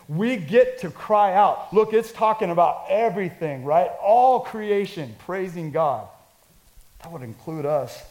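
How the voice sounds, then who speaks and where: A male pastor delivers a sermon in a notably high voice. He moves between scripture reading and energetic, chatty asides to his congregation. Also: rough recording. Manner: energetic, conversational preaching with dramatic readings.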